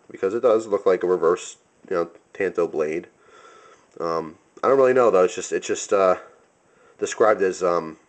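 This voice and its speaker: A young man giving a casual knife review, rambling with many fillers and self-corrections. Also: low-pitched.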